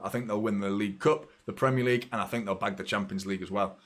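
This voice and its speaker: A man hosting a live football watchalong, chatting casually and reacting excitably, swearing freely. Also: lowish voice, quick pace, hardly any pauses. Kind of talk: live match commentary and casual chat.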